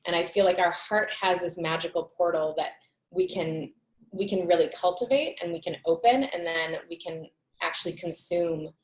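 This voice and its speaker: Woman host, lowish gravelly voice, earnest storyteller, roomy echo. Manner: earnest, animated retelling with many "like" fillers. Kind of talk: reflective personal storytelling in conversation.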